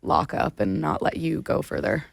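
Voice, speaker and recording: Gravelly, low-voiced woman in casual chat. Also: sing-song, moderate pace, no room sound, clean studio sound. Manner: meandering, laid-back storytelling. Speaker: singer, interview guest.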